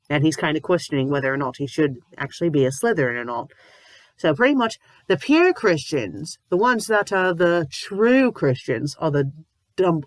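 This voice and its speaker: A woman's voice: deep voice, no room sound. Exasperated woman ranting a comedic review. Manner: exasperated, ranting, bursts into shouting; says "bloody" often. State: sick with covid, a little loopy. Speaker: fanfiction reviewer.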